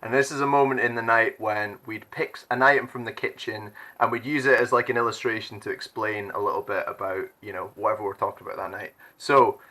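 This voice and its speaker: Upbeat guy hosting a youth stream, bright voice, laughs a lot. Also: fairly low pitch, fairly even intonation, brisk, hardly any pauses, rough recording. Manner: upbeat, chatty, laughs often. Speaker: youth leader and stream host. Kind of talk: casual chat.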